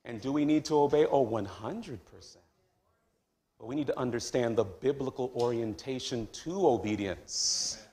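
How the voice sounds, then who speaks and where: A man preaching a sermon as pastor of a church, dropping to hushed tones and then rising to loud, high exclamations. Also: moderate pace. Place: church sanctuary.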